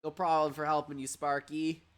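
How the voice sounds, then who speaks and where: A man hosting a livestream, giving excitable, chatty commentary on a mobile game while reading out viewer questions. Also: a little high, moderate pace, smooth. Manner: excitable, animated and chatty, often breaking into laughter. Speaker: streamer and host. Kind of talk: live gameplay commentary reading chat.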